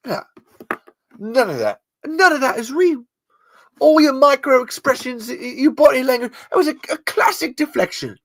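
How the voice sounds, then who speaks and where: A man's voice: a bit bright, exaggerated voice. A man doing an impression of an intense male lie-reading expert, ranting and accusing. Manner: ranting, accusing, high-strung.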